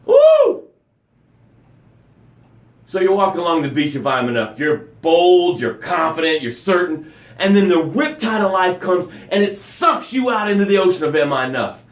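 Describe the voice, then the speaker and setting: A fired-up man coaching his live audience through a motivational talk, with a slightly high voice that whoops and shouts. He preaches in big, punchy images. The sound is roomy, with a noticeable echo. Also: moderate pace. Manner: energetic, preachy, with whoops and shouts, then drops to soft breathing cues. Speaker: motivational coach hosting a daily live broadcast.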